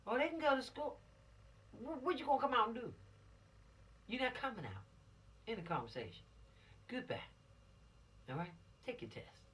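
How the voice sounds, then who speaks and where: A woman lectures teenagers on the law in a folksy, scolding tone. Her bright voice swings widely in pitch. She sounds a little distant from the microphone. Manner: folksy, admonishing, preachy. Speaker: police officer teaching law to teens. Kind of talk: informal law lesson to teens.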